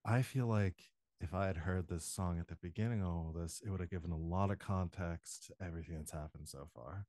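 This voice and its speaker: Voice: sits low, brisk, dark tone. A player puzzling things out, questioning, at a tabletop game. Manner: confused, questioning. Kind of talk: casual chat at a game table.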